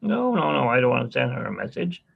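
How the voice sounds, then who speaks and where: Gravelly rambling man on a livestream. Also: mid-range voice, fast, phone-quality sound. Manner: rambling, chatty, self-interrupting. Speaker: art channel host. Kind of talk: casual livestream chat.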